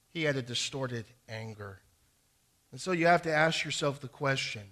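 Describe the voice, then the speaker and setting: A man preaching a sermon, swinging between loud emphatic stretches and quiet low asides, with a few stumbles and restarts. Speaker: pastor.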